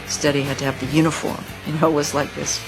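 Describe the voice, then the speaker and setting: A man speaking in a relaxed, conversational way in a documentary interview. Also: fairly high pitch, fast talker, gravelly, music in the background, low-quality recording.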